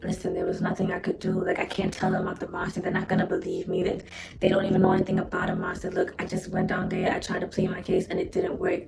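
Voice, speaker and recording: A woman voicing Victor, a defensive, exasperated young man who rattles off gruff excuses in a storytime retelling. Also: very deep voice, monotone, fast talker, over loud music, voice pushed down, full character voice, poor audio.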